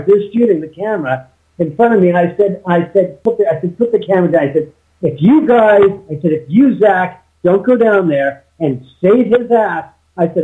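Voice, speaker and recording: High-voiced guy calling in, tinny phone sound, rambles and restarts a lot. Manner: rambling with many restarts and quoted dialogue. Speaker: guest, homeowner. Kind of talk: casual interview storytelling.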